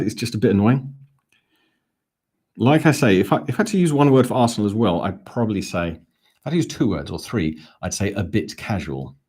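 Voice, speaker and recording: Low husky man doing fan commentary. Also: darkish tone. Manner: chatty play-by-play, answering viewer comments. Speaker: fan channel host. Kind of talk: live fan watch-along commentary.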